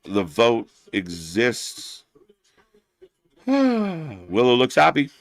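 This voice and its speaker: A man's voice: medium pitch, wildly swooping pitch, drawn-out words, creaky, dry recording. A man hosting a live wrestling watch-along stream, ranting bluntly and sarcastically, swearing often and getting heated.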